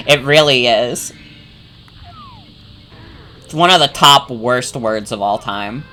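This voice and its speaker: A woman's voice: extremely low pitch, big pitch swings, unhurried, long pauses, bright, forceful tone, faint music behind. A woman streaming a game, chatting and joking casually with her chat and swearing freely. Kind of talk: casual gameplay commentary.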